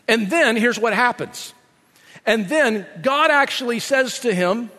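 A man's voice: very high voice, lively intonation, unhurried, bright, forceful tone, in a large hall. A male pastor preaching a sermon in a conversational, explanatory way, often checking in with 'right?'.

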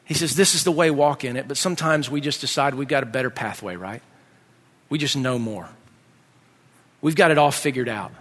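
A man's voice: a little high, pushed and bright. A middle-aged man preaching a sermon, telling a family story and acting out his kids' voices with lots of animation. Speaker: pastor. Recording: long hall reverb.

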